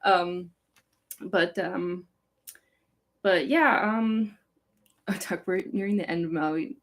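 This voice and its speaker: In a slow, lowish voice, a young woman from Chicago with a California-sounding accent hosts a live Q&A about her fanfic. The casual livestream chat rambles, with giggles, a valley-girl manner, and a steady stream of likes and ums.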